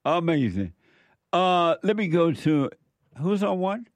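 A radio host on a call-in show lectures his listeners emphatically, laughing frequently between points in a preaching style. His fairly high voice is very animated with drawn-out words, captured dry on a studio mic.

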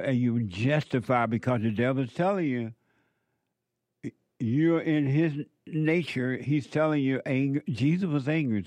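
A man's voice: mid-range voice, darkish tone, no echo. Emphatic male preacher, dry sound. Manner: emphatic and repetitive, preaching to a live audience. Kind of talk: sermon.

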